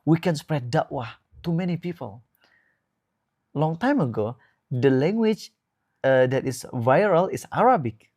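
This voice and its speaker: A man with an Indonesian accent, an Islamic teacher giving relaxed advice as a guest in a talk, with measured, drawn-out phrasing and emphasis. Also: on the high side.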